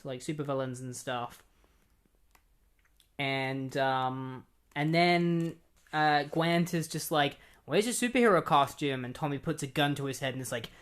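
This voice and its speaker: In a casual comic recap, a man with a smooth, a little high, slightly bright voice rambles through the plot. Filler words pile up as he voices open disbelief at what he's describing, repeatedly swearing he isn't joking.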